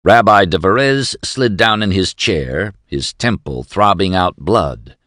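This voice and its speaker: A man reading a novel aloud as narrator in a measured, expressive storytelling manner. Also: low-pitched, no echo, clean studio sound. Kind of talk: audiobook narration.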